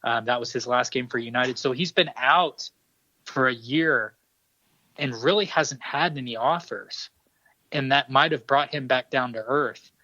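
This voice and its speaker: A man talking casually about sport, measured and pausing often as he builds his analysis. His voice is bright and forceful. The recording is dull and muffled, with a dry, close sound. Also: mid-range voice, dry recording. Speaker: podcast co-host.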